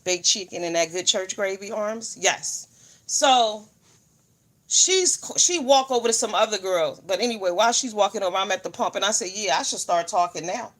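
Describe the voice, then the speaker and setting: A woman hosting a casual livestream, telling stories loudly with lots of swearing and greeting viewers by name. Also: mid-range voice, normal speed. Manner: loud, profane, animated storytelling, greets viewers mid-story. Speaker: livestream host.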